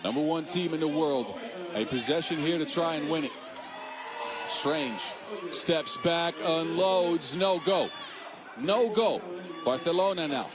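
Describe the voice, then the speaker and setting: A man giving live play-by-play basketball commentary, getting excited and shouting at the big moments. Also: fairly high pitch, unhurried, a crowd in the background. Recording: music playing loud behind the voice. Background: arena music.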